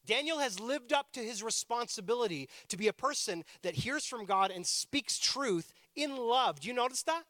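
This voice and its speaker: A man's voice: extremely high pitch, animated, normal speed, hardly any pauses, pushed and bright, no room sound, studio quality. A man in his thirties preaching a sermon, telling personal stories in a conversational, playful way with joking asides. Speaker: pastor.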